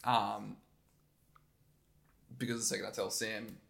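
A young Australian man, a podcast guest, telling stories in a relaxed, rambling way with plenty of fillers and restarts. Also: lowish voice, slow pace, vocal fry, a crowd in the background. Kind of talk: casual chat.

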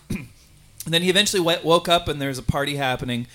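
A man hosting a comedy podcast, telling a relaxed story and laughing along. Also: fairly high pitch, fast, very noisy. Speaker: podcast host. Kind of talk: casual podcast chat.

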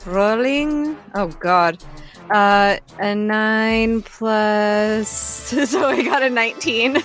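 A woman's voice: on the high side, very slow, a bit bright, soft background music. A woman playing a tabletop game, hesitant and giggly, with many fillers. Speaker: player. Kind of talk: tabletop roleplay chat.

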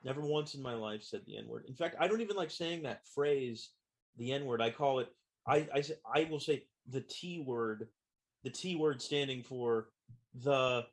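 A man's voice: medium pitch, normal speed. A man guesting on a podcast, joking and hesitant in casual talk. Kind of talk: casual chat.

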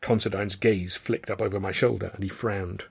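A man's voice: fairly low pitch, steady tone, moderate pace, vocal fry, breathy edge. A man reading his own novel aloud as first-person narrator, in a wry storytelling manner. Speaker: author and narrator.

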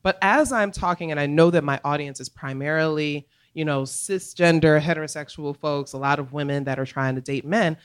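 A woman guest in a live podcast interview on a comedy club stage, talking in an animated, emphatic way with quick laughs. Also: low voice, clear, resonant tone.

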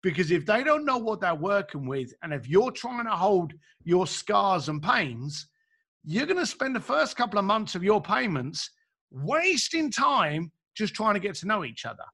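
A man who coaches talks in a high voice at an even, moderate speed. The chat is casual, and he's animated and insistent, dramatizing brief dialogues along the way.

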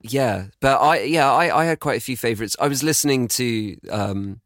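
A man's voice: medium pitch, a bit bright, no echo, clean studio sound. A man, guest on a podcast, chatting in a joking, teasing way. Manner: joking, teasing, quick laughs. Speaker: podcast guest and co-host of his own show. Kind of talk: casual chat.

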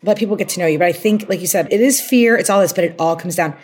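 A woman's voice: on the low side, rapid-fire, a little mellow, husky. A woman being interviewed as a guest on a podcast, talking with energy and passion and getting fired up about her work. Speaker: guest, social media strategist.

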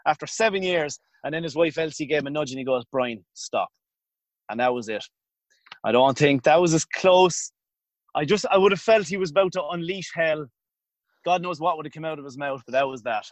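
Irish man in his 30s, podcast guest, rambling anecdotes, slightly higher voice, dry close mic. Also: no room sound. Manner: rambling, self-interrupting, colloquial. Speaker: podcast guest, former hurler. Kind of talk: casual storytelling.

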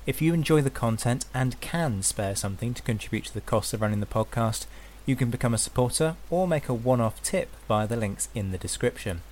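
A man's voice: medium pitch, expressive, a little fast, darkish tone, a little hiss or hum. A man reading a podcast supporter appeal in an earnest, grateful tone. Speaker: podcast host. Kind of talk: read sponsor appeal.

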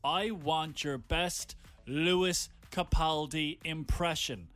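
A man's voice: a little high, slow pace, fairly bright tone. A man hosting a radio show, announcing a giveaway in a playful, showy way. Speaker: radio host. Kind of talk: casual radio chat.

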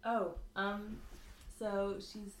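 A woman chatting through a tabletop game session with friends, giggly and a little hesitant. Her voice sits in the middle range and carries a roomy echo. Clear background noise runs under the recording. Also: mid-range voice, flat delivery, extremely slow. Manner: giggly, hesitant, many fillers. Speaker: player. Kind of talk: casual tabletop game chat. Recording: echoey room, audible noise.

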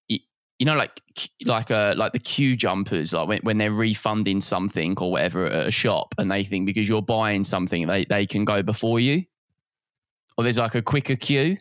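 A man's voice: lowish voice, a bit bright, dry recording, clean studio sound. A young man co-hosting a podcast in casual chat, rambling with many restarts and stammers. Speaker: podcast co-host.

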